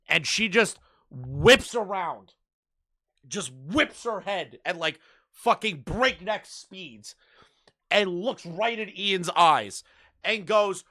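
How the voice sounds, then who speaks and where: A man hosting a reaction commentary, sarcastic, jumping between loud outbursts and muttered asides. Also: a little high, animated, unhurried, dry recording, clean studio sound. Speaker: commentary channel host.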